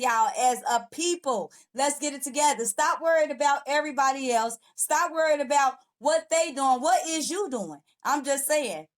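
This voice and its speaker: Sassy high-voiced woman podcast host. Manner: sassy, preachy, addresses audience as y'all. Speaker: podcast host and motivational coach. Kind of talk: casual direct-to-camera podcast intro.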